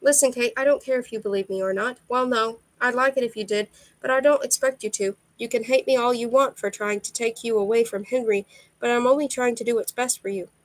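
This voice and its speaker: A woman's voice: on the high side, fairly even intonation, fairly quick, dry recording, lightly acted, rough recording. A woman voicing an earnest young male god who pleads urgently in a read-aloud novel. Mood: pleading.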